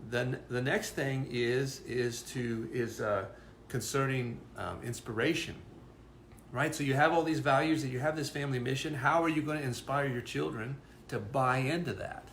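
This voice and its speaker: A man's voice: mid-range voice, steady tone, moderate pace, fairly bright tone, reverberant, a little hiss or hum. A man co-hosting a parenting talk, explaining in an earnest, casual way and often restarting his words. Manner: earnest, repeats words while thinking. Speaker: co-host presenting a parenting course.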